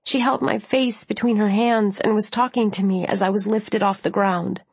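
A woman narrator reads a first-person story with measured, steady pacing. Her voice sits in a mid range and is recorded dry and close, with no room sound. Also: medium pitch, slightly rough, dry recording. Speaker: audiobook narrator.

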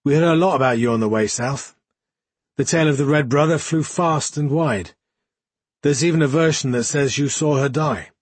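A man voicing a jaunty, boastful young warrior monk in an audiobook, with a grinning, storytelling swagger and a husky, breathy tone. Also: fairly high pitch, normal speed, dry recording.

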